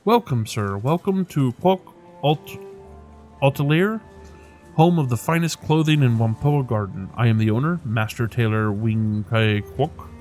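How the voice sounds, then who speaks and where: A courteous, scholarly master tailor with a formal salesman's manner, as a man voices him. A mid-pitched voice with faint game music underneath. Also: unhurried, darkish tone, lightly acted.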